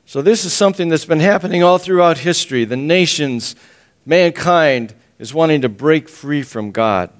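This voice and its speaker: A man preaching a sermon and teaching from the Bible, emphatic, repeating his phrases, often clearing his throat and chuckling. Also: fairly high pitch, moderate pace.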